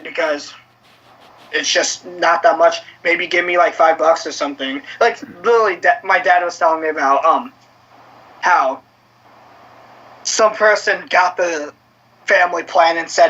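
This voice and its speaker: A man co-hosting a casual gaming podcast, talking in an animated, profane way and bursting into shouts. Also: a little high, a little slow, pauses often. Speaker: podcast co-host. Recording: dull lo-fi audio.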